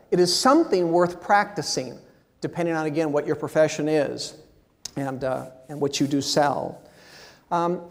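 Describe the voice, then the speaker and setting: Animated male keynote speaker in a hall. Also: a little high. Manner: animated, expressive inflection. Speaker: motivational speaker. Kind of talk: keynote speech. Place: large meeting hall. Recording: long hall reverb.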